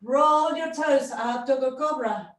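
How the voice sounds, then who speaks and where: Woman yoga teacher, high voice, slow unhurried cues, encouraging, very echoey room, distant mic. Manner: encouraging cues in short commands, breathing and moving while talking. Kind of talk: live yoga class instruction.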